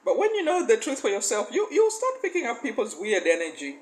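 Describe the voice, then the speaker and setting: A woman's voice: fairly high pitch, huge pitch swings, brisk, a little mellow, rough recording. A woman coach delivers a faith-based motivational talk with emphasis. She throws rhetorical questions at the listener and keeps laughing between her points. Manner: emphatic, often breaks into laughter. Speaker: life coach.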